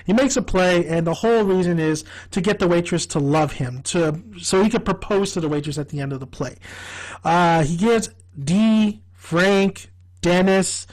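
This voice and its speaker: A man giving a casual, rambling fan review of a TV comedy. He gets excitable, laughs often and swears freely. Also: high voice, moderate pace, low-quality recording. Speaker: TV show reviewer.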